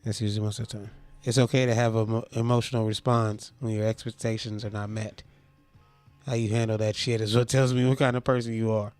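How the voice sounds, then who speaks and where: A man's voice: fairly low pitch, flat delivery, fast, a little mellow, dry recording, faint music behind. A man co-hosting a podcast, bluntly handing out advice and repeating his points in casual chat. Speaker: podcast co-host.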